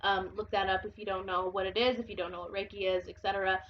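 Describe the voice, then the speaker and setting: A woman's voice: medium pitch, flat delivery, fast, lo-fi sound, a little hiss or hum. Casual, blunt woman tarot reader. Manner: chatty, blunt, swears, laughs often. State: congested, feeling unwell.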